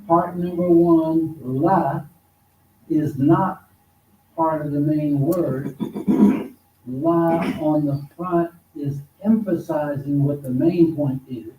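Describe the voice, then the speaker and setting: A man teaching an informal religious study class at a mosque, talking slowly and conversationally and repeating words for emphasis. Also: a little high, fairly even intonation, phone-quality sound. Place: mosque hall. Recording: echoey hall, distant mic, faint noise.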